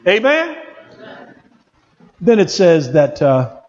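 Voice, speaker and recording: A male pastor preaching a sermon in an excitable call-and-response manner, in a church. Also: sits high, takes it slowly, highs cut off.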